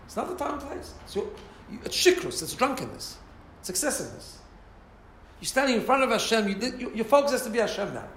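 A man teaching an informal Torah class, animated and asking listeners rhetorical questions. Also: very high voice, fast, slight background noise. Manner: animated, mixes Hebrew and Yiddish terms, asks listeners rhetorical questions. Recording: roomy echo, faint ambience.

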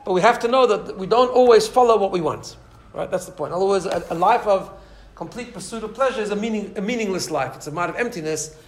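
Rabbi giving an informal class, quick and animated, voice pitched a little high, a small live audience in the room. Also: male voice. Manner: animated storyteller, many restarts and asides. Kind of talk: informal Torah class talk.

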